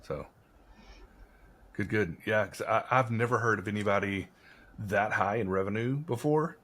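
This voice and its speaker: Man, casual podcast talker, husky voice, meandering storyteller. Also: on the low side, normal speed, a bit bright. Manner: rambling storyteller, many fillers. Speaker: podcast conversation partner. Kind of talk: casual conversation.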